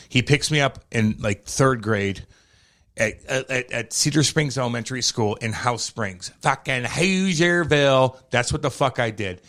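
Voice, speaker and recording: A man's voice: mid-range voice, normal speed. A young man with a St. co-hosting a podcast, swearing freely and telling stories with lots of energy. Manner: profane, animated storytelling. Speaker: podcast co-host. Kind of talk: casual chat.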